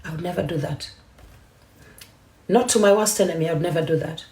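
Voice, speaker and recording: A woman's voice: on the low side, a little fast, darkish tone, echoey room. A woman from Kenya hosting a live stream, talking emphatically and defiantly, mixing English and Swahili. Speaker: TikTok live host. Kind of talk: heated live-stream rant.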